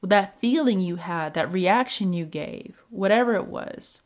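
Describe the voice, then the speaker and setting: A woman speaks slowly and unhurriedly, her voice sitting at an ordinary middle pitch. She talks like a self-help coach, calm and reflective, asking the listener question after question as she works through feelings. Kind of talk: reflective motivational talk.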